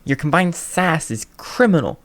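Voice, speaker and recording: A man voicing a loud, showy male radio DJ who hosts with exclamatory energy. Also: on the high side, lively intonation, moderate pace, voice pushed up. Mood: hyped.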